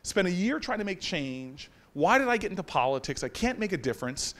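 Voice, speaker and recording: Animated high-voiced male speaker. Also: fairly quick. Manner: animated, self-mocking storyteller. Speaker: guest speaker. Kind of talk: storytelling speech to an audience. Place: university lecture hall.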